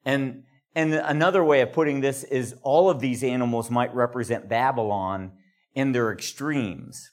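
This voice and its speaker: A man leading a conversational Bible study, explaining verses in a relaxed way with chatty asides. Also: mid-range voice, normal speed.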